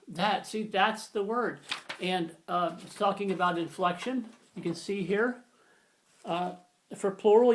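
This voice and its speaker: A man in his sixties giving a casual, rambling video lesson on grammar, self-deprecating and full of fillers and restarts. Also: sits high. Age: 60s. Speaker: video lecturer.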